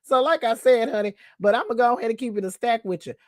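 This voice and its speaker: A woman's voice: fairly high pitch, quick pace, no room sound, studio quality. Sassy woman hosting news commentary. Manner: sassy, calls listeners baby and honey, repeats a catchphrase; laughs between remarks.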